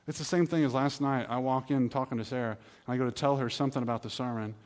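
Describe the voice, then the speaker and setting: A man's voice: mid-range voice, steady tone, quick pace. A man pastor, preaching a sermon in an earnest, pleading, conversational way with acted asides. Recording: reverberant hall.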